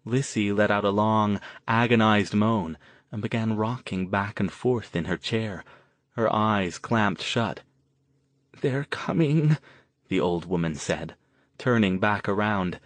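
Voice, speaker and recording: A man narrates an audiobook in a measured, even manner. His voice sits fairly low and the recording is dry and close, with no room sound. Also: no room sound. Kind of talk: scripted narration.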